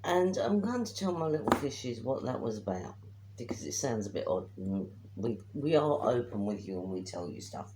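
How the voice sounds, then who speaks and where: A woman, co-hosting a casual chat and telling a story in an animated way, sometimes dropping to hushed asides. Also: a bass voice, normal speed. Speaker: podcast co-host. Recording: faint background noise.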